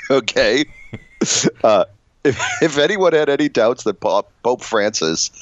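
A man's voice: mid-range voice, big pitch swings, slow pace, dry recording. A man co-hosting a podcast, casual comedic banter, rambling and self-interrupting with frequent laughs. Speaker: podcast co-host. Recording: dull lo-fi dry recording.

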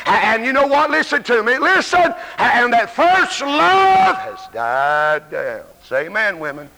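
A man with a Southern American accent preaches an emphatic revival sermon in a church sanctuary, his voice very high-pitched, sing-song and unhurried, with vocal fry. The evangelist stammers as he restarts and calls out to his congregation, and the live recording carries long reverb and a noisy background.

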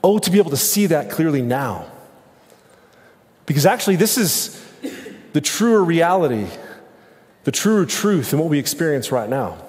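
A man's voice: fairly high pitch, very animated, normal speed, pauses often, a little mellow. Earnest man preaching in a reverberant hall. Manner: earnest, repeats phrases in lists. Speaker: pastor. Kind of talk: sermon.

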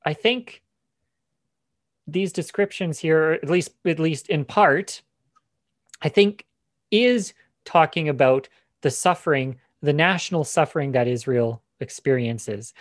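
A man's voice: a little high, unhurried, long pauses, no room sound, clean studio sound. A man giving a Bible lesson, explaining passages with frequent fillers and restarts. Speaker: Bible teacher. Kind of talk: teaching session on scripture.

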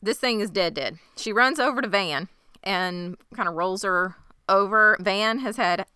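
A woman co-hosting a podcast, narrating a TV episode casually with lively, profane asides. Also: mid-range voice, unhurried, smooth, no room sound, studio quality. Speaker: podcast co-host. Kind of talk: casual chat.

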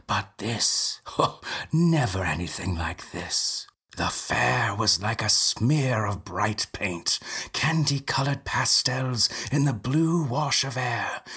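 A man narrating a spooky story in a soft, half-whispered manner. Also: on the low side, slightly rough.

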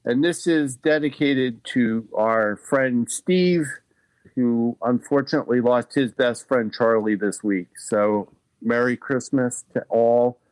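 A man's voice: medium pitch, takes it slowly, darkish tone, no echo, low-quality recording. A man co-hosting a podcast, giving a brief, cheerful sign-off. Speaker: podcast co-host. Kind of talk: casual chat.

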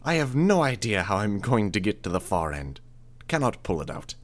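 A man's voice: fairly low pitch, sing-song, normal speed. A man doing a clipped medic with a hard-to-place accent. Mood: clinical. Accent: hard-to-place foreign accent. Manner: hard emphasis on syllables. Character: clinical male medic, clipped.

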